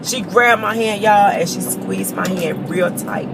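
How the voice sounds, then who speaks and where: A woman's voice: mid-range voice, measured pace, very noisy. Tearful woman sharing a testimony. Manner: emotional, earnest, addresses viewers as y'all. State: choked up with tears. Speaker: vlogger. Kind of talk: personal testimony to viewers.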